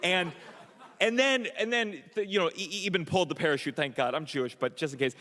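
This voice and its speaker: A man doing a stand-up comedy set, telling an animated story full of stammers and restarts, acting out the voices of the people in it. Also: high voice, a little fast, big-room sound, a little hiss or hum. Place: comedy club stage. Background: audience laughter.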